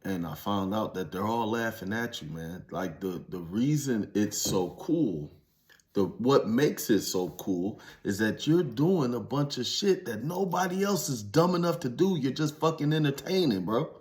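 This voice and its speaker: A man's voice: mid-range voice, lively intonation, measured pace. A former inmate telling his story in a casual, blunt, heavily profane monologue that rises to emphatic preaching.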